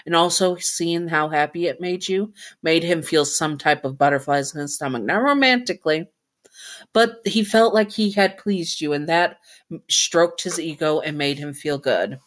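Brief: woman storyteller, casual and chatty, low voice, stops to correct herself. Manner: chatty, self-correcting asides. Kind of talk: casual fan-fiction narration.

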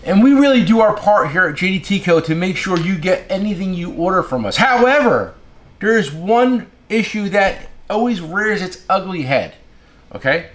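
A man hosting a casual tool shop video, telling stories in an animated, exasperated way and repeating himself. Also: sits high, moderate pace. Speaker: tool shop owner and channel host. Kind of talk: casual storytelling rant to camera.

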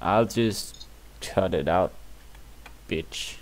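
A man's voice: sits low, extremely slow. A young man chatting casually and teasing his friend while they play a game together. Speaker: co-op gaming partner. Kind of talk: casual gaming chat.

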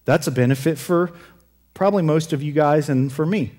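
A man's voice: on the high side, normal speed, a little mellow, big-room sound. Casual joking male preacher. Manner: conversational, self-correcting, joking with the congregation. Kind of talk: sermon. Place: church.

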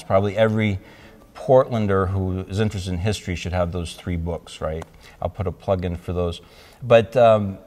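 A man, an author, reminiscing about a friend in a hesitant way with many pauses and fillers. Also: fairly low pitch, a little mellow. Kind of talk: anecdotal reminiscence.

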